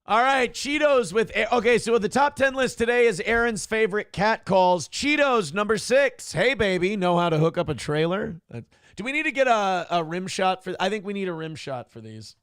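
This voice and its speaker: A man's voice: high voice, expressive, normal speed, fairly bright tone, clear, resonant tone, dry recording, studio quality. A man hosting a live internet morning show, reading viewer comments aloud in a crude, joking, mock-announcer way.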